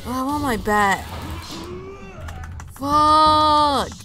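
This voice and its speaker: A woman reacts to a game in a loud, profane play-through, teasing the characters as she goes. Her voice sits a bit high and swings widely. Faint game music plays underneath. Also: lively intonation, measured pace. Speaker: gaming streamer. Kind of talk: let's play commentary.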